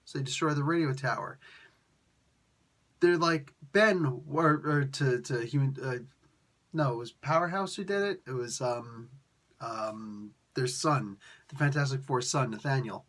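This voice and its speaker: A young man hosting a casual review, talking in an animated, sarcastic and exasperated way with slangy asides. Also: medium pitch, normal speed. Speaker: comic book reviewer.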